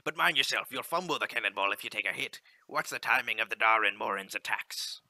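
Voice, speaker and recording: A man voicing a folksy male ship captain with a loud, rustic drawl, reading game dialogue in character. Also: lowish voice, brisk, no echo. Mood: cautioning.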